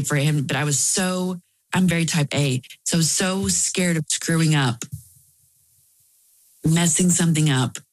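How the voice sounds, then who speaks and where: A woman guest in an interview, earnestly telling a personal story with quick asides. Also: on the low side, rough recording.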